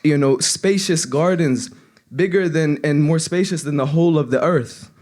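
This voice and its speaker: A young adult seminary student gives an earnest, conversational reminder in the form of an informal sermon, frequently restarting his sentences. His voice is fairly high-pitched with a darkish tone, at a normal speed.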